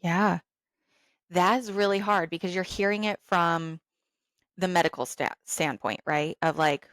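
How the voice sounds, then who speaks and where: A woman's voice: on the low side, steady tone, measured pace, fairly bright tone, no room sound. A woman podcast host in empathetic conversation, reflective and thinking aloud as she asks questions.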